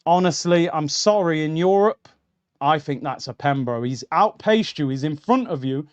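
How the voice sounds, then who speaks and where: A man's voice: on the high side, lively intonation, normal speed, smooth, lo-fi sound. A young man, hosting a live football watchalong and reacting heatedly, talking to viewers as lads and bro. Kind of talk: live match watchalong commentary. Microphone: streaming mic.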